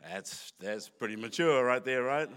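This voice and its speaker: A man's voice: medium pitch, lively intonation, unhurried, fairly bright tone. A man preaching a sermon in church, talking conversationally with asides and restarts. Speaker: pastor.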